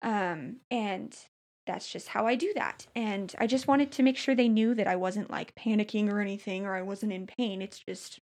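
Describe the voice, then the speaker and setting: A woman in casual conversation, animatedly recounting a painful hospital night with many fillers and restarts. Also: mid-range voice. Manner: animated storytelling, frequent fillers and restarts, quick laughs. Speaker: storyteller recounting a hospital stay. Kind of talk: casual chat.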